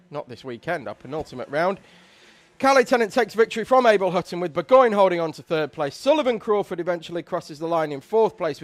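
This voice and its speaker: Male co-commentator breaking down the kart racing, gets loud at the finish, dry close sound. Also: a little high, dry recording. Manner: analytical, builds to loud excitement at the finish. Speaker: race co-commentator. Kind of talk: live karting commentary.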